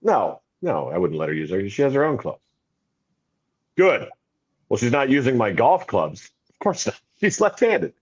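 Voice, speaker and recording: A man's voice: mid-range voice, big pitch swings, normal speed, husky, muffled recording. A man co-hosting a casual talk show, joking and playful. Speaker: co-host. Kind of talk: casual chat.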